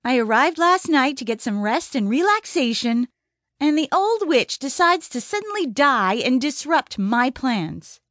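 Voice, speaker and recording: A woman's voice: high-pitched, big pitch swings, unhurried, fairly bright tone, no room sound, clean studio sound, full character voice. A woman narrator voicing a blunt, resentful woman of about sixty in an audiobook. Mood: bitter. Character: bitter, sharp-tongued woman of about sixty. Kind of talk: audiobook character reading.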